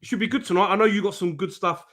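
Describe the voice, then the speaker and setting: Sweary host, slightly high voice. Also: male voice, fairly even intonation, racing, fairly bright tone. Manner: banter-filled and sweary, greeting viewers by name, laughs often. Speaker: host of a live trading stream. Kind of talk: casual live-stream chat.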